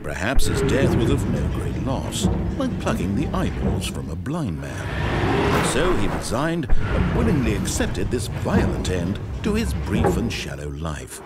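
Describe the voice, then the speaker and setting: A man voicing a dry, mocking omniscient narrator in a video game, delivered in a measured, deadpan way. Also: lowish voice, over loud music. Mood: ominous.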